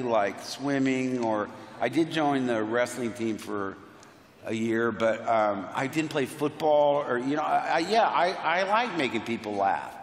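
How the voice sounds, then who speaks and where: A man, a panel guest telling anecdotes in a playful, enthusiastic way with self-deprecating jokes. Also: medium pitch. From United States. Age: 60s. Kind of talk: animated anecdotal storytelling. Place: large convention hall. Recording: roomy hall reverb on PA.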